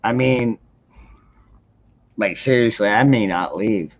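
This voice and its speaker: Low-pitched and creaky, this man talks slowly while hosting a laid-back livestream chat. His rambling is full of restarts and free swearing, and the stream audio sounds dull and lo-fi.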